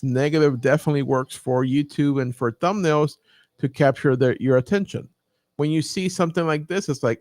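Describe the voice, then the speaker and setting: A man's voice: on the high side, moderate pace, no room sound. Casual man coaching over a dry mic. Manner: casual, thinking aloud with many fillers. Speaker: YouTube coach. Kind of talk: live screen-share training.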